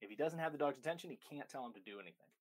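A man's voice: medium pitch, lively intonation, very fast. A young man, a dog trainer, giving an instructional talk with an emphatic delivery, repeating key phrases for weight.

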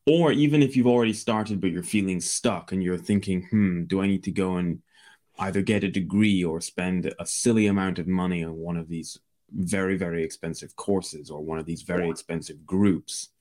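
Deep-voiced Scottish man. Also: darkish tone. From Scotland. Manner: fluent, confident explaining. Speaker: podcast guest, entrepreneur. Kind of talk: casual interview.

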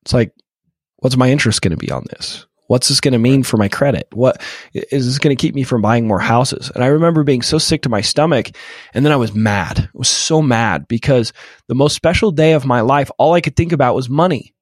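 A man's voice: mid-range voice, brisk, no room sound, clean studio sound. A man in his thirties, a podcast guest telling an emotional personal story with many repeated false starts. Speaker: podcast guest, real estate investor.

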